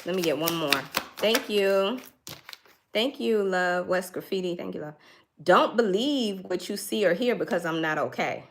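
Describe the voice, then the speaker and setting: A woman's voice: fairly low pitch, normal speed. A woman giving a casual tarot reading, thinking aloud in a chatty way and laughing now and then. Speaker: tarot reader.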